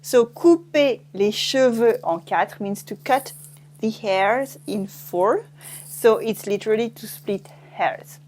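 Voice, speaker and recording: A woman with a French accent teaching pronunciation in a language lesson, saying words slowly and repeating them with care. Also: on the high side, darkish tone, slight background noise. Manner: slow, careful pronunciation drills, repeating each word.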